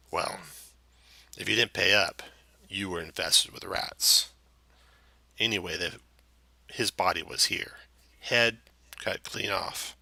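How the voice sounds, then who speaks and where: A man voicing a crazily dressed, graying old orc with a deep growly voice who talks bluntly and ominously. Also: gravelly, bright, forceful tone, dry recording, heavily acted.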